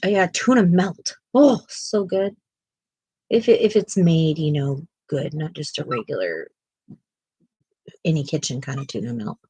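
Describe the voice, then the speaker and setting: Slow, husky-voiced woman chatting. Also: low-pitched, lively intonation, dry recording. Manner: chatty, reads viewer comments aloud; coos softly to a fussy pet. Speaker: art channel host. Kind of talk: casual livestream chat.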